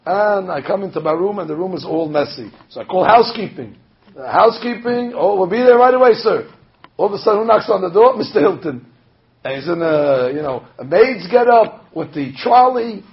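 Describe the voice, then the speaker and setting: A man, a rabbi, preaching a sermon with animated storytelling, acting out the voices he quotes. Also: a little high. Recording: dull lo-fi recording.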